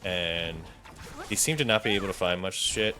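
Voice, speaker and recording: A young man chatting casually and rambling as he recaps a story, dropping into quick impressions of the characters. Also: sits low. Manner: rambling, animated, acts out characters' quotes in passing. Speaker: podcast co-host. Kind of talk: unscripted casual chat, recapping a game story.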